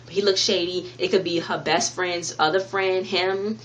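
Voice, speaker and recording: A woman's voice: lowish voice, fairly even intonation, normal speed, fairly bright tone, slight background noise. A woman vlogger casually retelling a TV episode's plot to her viewers, rambling, repeating herself and restarting sentences. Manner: talks directly to viewers. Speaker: TV review vlogger. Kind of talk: casual spoken episode recap.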